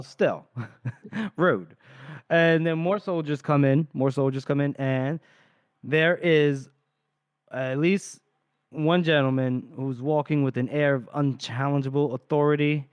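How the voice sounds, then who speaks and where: A man's voice: mid-range voice, takes it slowly, smooth, no echo. A man co-hosting a casual podcast about a book, retelling scenes and acting out the characters' lines. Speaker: podcast co-host.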